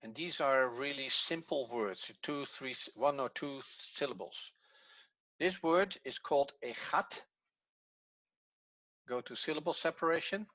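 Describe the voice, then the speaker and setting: Bright-voiced man teaching a class. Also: mid-range voice, unhurried, no room sound, lo-fi sound. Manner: patient, step-by-step explaining, thinks aloud. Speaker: Hebrew teacher. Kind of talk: evening class lesson.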